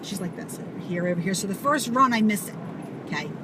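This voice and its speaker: A woman telling a story to camera in an animated, casual way, swearing and full of fillers. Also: medium pitch, fast talker. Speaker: vlogger. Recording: audible background noise.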